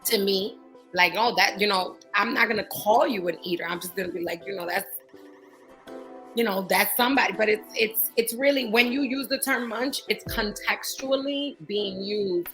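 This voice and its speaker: A woman's voice: mid-range voice, moderate pace, fairly bright tone, faint music behind, poor audio. A woman from New York co-hosting a podcast, chatting loosely with plenty of fillers. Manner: loose and conversational, many fillers. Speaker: podcast co-host. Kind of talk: casual chat.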